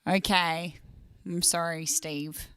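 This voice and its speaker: An Australian woman hosting a casual livestream, chatty and quick to laugh, reading viewer comments aloud. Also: lowish voice, level tone, a bit bright, clear, resonant tone, dry recording, clean studio sound. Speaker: livestream host.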